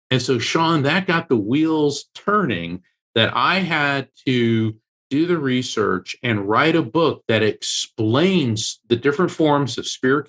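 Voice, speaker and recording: A man's voice: mid-range voice, a bit bright. Earnest man telling a personal story. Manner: earnest, emotional storyteller who acts out quoted voices. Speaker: medium and author, guest. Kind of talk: storytelling in an interview.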